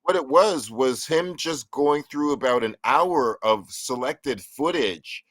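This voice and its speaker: Animated man telling a story. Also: takes it slowly, no echo. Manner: animated, acts out quotes with big pitch jumps. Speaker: co-host. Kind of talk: casual storytelling chat.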